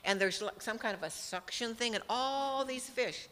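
Woman, sermon storytelling, self-mocking humor, bright voice, reverberant hall. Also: a little high, moderate pace. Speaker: speaker teaching from the Bible. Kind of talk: personal story within a sermon.

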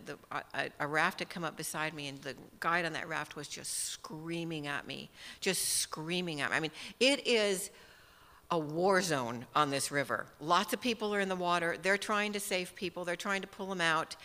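A woman telling a lively personal story in a sermon, with self-mocking humor and many small fillers. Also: on the low side, in a large hall. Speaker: speaker teaching from the Bible.

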